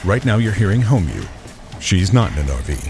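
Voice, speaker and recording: A man's voice: sits low, sing-song, a little fast, music in the background. A man reading a scripted insurance ad as voice-over. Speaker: announcer.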